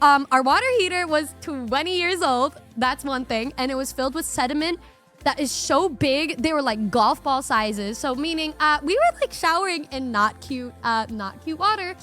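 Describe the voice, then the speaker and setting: A young woman streamer telling a story to her audience in a casual, animated way, swearing freely and acting out her reactions. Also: high voice, moderate pace, faint music behind.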